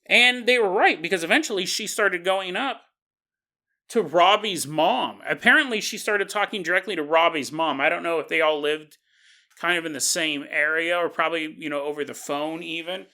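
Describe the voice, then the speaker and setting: A man hosting a podcast, telling a story in a casual, animated way and joking and laughing as he goes. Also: on the high side, moderate pace. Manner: animated, jokey, laughs often. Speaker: podcast host.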